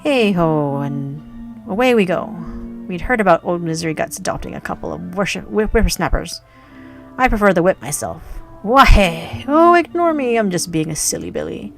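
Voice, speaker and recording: A woman's voice: fairly low pitch, lively intonation, moderate pace, gravelly, faint music behind. A woman voicing a silly, vain village shopkeeper in a game, with a theatrical, teasing delivery.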